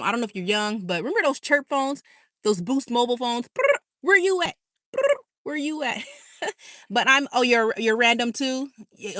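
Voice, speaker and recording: A woman's voice: fairly high pitch, a bit bright, dry recording, clean studio sound. Bubbly woman chatting on a livestream. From California. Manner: bubbly, chatty, laughs often. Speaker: livestream host. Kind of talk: casual live chat reading comments.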